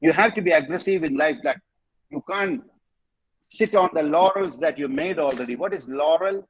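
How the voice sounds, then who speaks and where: A man's voice: fairly high pitch, expressive, a little fast, highs cut off. A man with a Tamil accent teaching English vocabulary in an online class, quizzing students and spelling words out. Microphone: video call.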